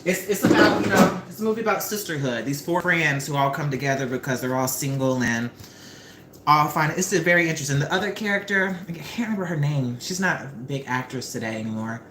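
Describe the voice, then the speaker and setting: A young woman hosting a casual livestream while cooking, an animated, chatty storyteller who swears freely. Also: low-pitched, brisk. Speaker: livestream host. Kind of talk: casual live-stream chat while cooking. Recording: roomy with faint background noise.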